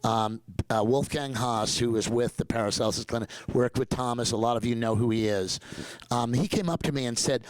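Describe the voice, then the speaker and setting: An older man talks with lots of energy, jumping between points and telling stories as a guest dentist. His voice sits at an ordinary middle pitch. The sound is close and dry. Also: brisk, dry recording, rough recording. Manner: energetic, digressive, slips into mock accents for quotes. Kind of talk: enthusiastic conversational storytelling.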